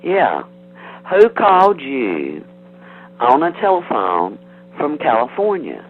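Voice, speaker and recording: A man's voice: medium pitch, wildly swooping pitch, slow pace, soft background music. A man on a heated phone call, defensive and threatening, rambling with restarts. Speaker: prank call target. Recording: tinny phone line, faint hiss.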